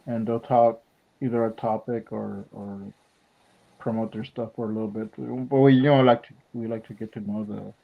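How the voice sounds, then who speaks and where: A man's voice: lowish voice, fairly even intonation, normal speed, vocal fry, phone-quality sound. A man hosting a casual chat while drawing, talking in a hesitant, rambling way. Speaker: podcast host.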